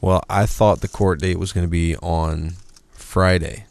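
A man's voice: sits low, steady tone, measured pace, gravelly, no echo. A man as a podcast guest, telling a story in a blunt, profane, indignant way. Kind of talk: casual storytelling chat.

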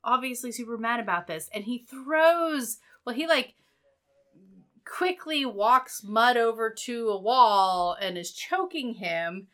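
Woman podcast co-host, bright tone, playful sweary recap chat. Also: fairly high pitch, expressive, slow pace. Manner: sweary, joking, acting out characters' lines.

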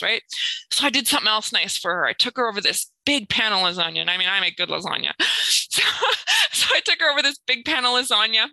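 A woman's voice: a little high, fast talker, no room sound, rough recording. A woman, a guest sharing her faith testimony and acting out the people in it. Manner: lively, acts out quotes with laughs and sighs. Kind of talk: personal storytelling in an interview.

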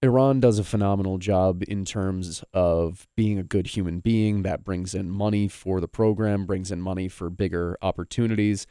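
A man's voice: sits low, steady tone, moderate pace, few pauses, warm tone, clear, resonant tone, no room sound, studio quality. A man co-hosting a sports radio show, talking casually in long opinionated runs. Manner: opinionated, rambling, argumentative. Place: radio studio.

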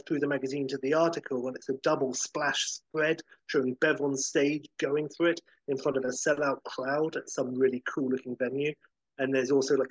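Podcast host, husky, dry close mic, rambling comic pitch narration. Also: male voice, dry recording, dull audio. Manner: casual and rambling, full of "like" and "uh".

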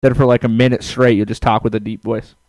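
Man, casual podcast talk, blunt, swears freely, quick delivery. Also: medium pitch, little pitch movement, a little mellow, no echo. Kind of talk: casual chat.

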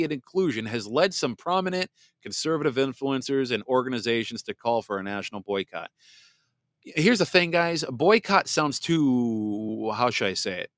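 A man's voice: fairly bright tone, dry recording, clean studio sound. Blunt sarcastic man, podcast host. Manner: blunt and sarcastic, mocks voices in exaggerated falsetto; reads viewer comments aloud. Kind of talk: political commentary podcast.

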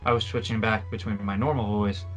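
A man's voice: fairly low pitch, fairly even intonation, a little fast, a bit bright, soft background music. A man chatting casually on a podcast about playing a tabletop game, hesitant and self-mocking.

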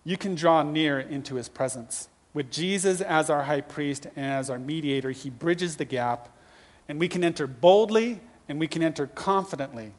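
A male pastor in his fifties preaching a sermon with lively, humorous storytelling. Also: fairly high pitch, moderate pace. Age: 50s.

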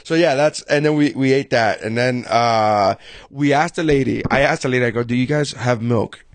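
A man co-hosting a podcast, telling animated, profane stories in casual chat. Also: medium pitch, normal speed, no echo. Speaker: podcast co-host.

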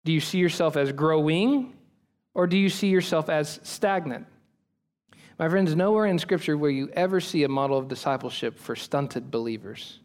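A man's voice: a little high, normal speed, darkish tone. A man preaching a sermon as pastor, earnest and emphatic, building on repeated phrases.

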